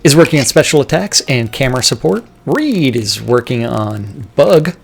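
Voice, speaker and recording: Livestream host, a man of average pitch running through a team update list. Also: lively intonation, creaky, slightly rough, faint music behind. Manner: brisk list-reading, breaking into laughing banter.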